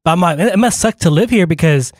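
A man's voice: sits high, expressive, fast talker, no echo, clean studio sound. A man co-hosting a radio show, telling a rambling story in casual chat, full of fillers and restarts, with a slight lisp from retainers.

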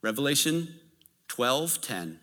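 A man preaching a sermon in an animated, storytelling way, with occasional laughs. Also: mid-range voice, slow pace. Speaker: pastor. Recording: reverberant hall.

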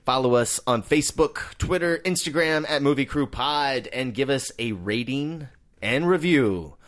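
A man's voice: medium pitch, measured pace, fairly bright tone. A man who hosts a casual movie podcast, joking with friends and wrapping up the episode with plugs. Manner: joking, wraps up the show with plugs. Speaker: podcast host, film editor.

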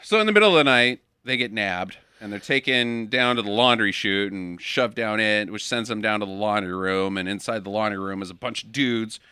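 A man's voice: lowish voice, brisk, hardly any pauses, pushed and bright, clean tone, no room sound. A man co-hosting a casual movie podcast, wryly recapping the plot with asides. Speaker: podcast co-host.

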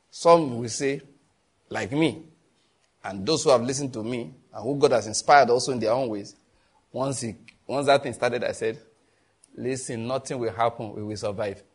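A man with a Nigerian accent preaching a sermon as a pastor, telling stories and acting out the people in them. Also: husky. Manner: animated storytelling, voicing others in a raised pitch.

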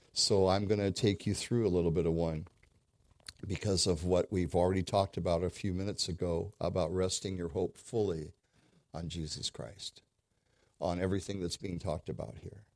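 A man preaching a sermon as pastor, with emphatic repetition that moves between quiet earnest passages and loud insistent ones. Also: deep voice, no room sound, studio quality.

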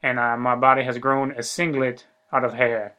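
A man voicing a huge, slow, overly polite giant man in a flat, formal manner in an improv comedy bit. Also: mid-range voice, dull audio, lightly acted. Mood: deadpan pleading.

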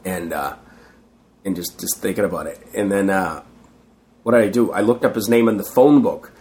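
A man's voice: deep voice, normal speed, darkish tone. A middle-aged man in a casual interview, telling rambling stories and acting out what others said. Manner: rambling, acts out quoted voices. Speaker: guest, street performer.

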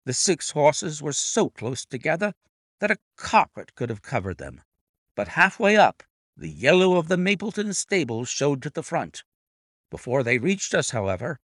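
A man narrating a classic detective story aloud with a deliberate, expressive reading. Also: a little high, no echo, studio quality. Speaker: reader and annotator of classic stories.

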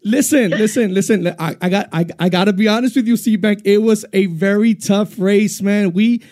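A man hosts a music countdown with big, gushing energy, stumbling through restarts as he praises the artists. His voice sits high and sounds soft and mellow rather than bright. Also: moderate pace. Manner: hyped, effusive, stumbling restarts. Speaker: radio DJ host. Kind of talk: countdown show hosting.

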